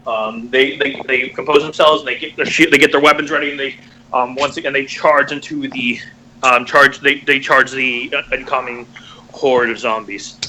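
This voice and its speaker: Male GM, bright tone, stumbling, filler-heavy narration, faint hiss behind. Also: medium pitch, fairly even intonation, rough recording. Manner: halting, many fillers and restarts. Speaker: game master. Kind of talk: narrating a tabletop game.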